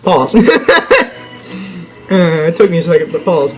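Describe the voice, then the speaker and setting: A man's voice: a little high, unhurried, a little mellow, soft background music, rough recording. A young man chatting through a video game let's play, rambling and joking with himself and the game as he goes. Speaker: gaming channel host.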